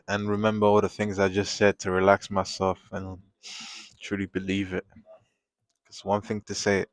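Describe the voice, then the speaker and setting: A man chatting casually on a live drawing stream, rambling and venting in animated bursts at a desk microphone at home. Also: low-pitched, no echo. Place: home, at a table.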